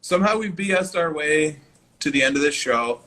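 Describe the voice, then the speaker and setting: A man's voice: a little high, animated, moderate pace, sharp tone. A man co-hosting a podcast in casual chat, joking and laughing often. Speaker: podcast co-host.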